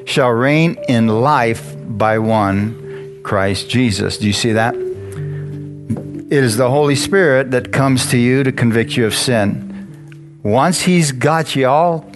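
Animated male preacher over guitar music. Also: mid-range voice, slow. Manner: animated, calls out to the congregation. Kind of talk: sermon with personal testimony. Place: church. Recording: guitar music playing behind the voice.

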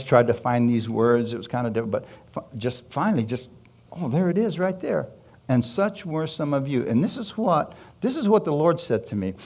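A man's voice: mid-range voice, a little mellow. Man preaching a personal testimony. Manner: storytelling with questions to the congregation and chuckles. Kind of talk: sermon testimony.

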